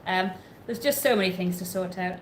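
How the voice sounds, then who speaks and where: A woman's voice: lowish voice, brisk. A woman from the UK co-hosting a travel live stream, easygoing and reading out viewer comments. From United Kingdom. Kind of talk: casual chat. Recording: echoey room, faint background noise.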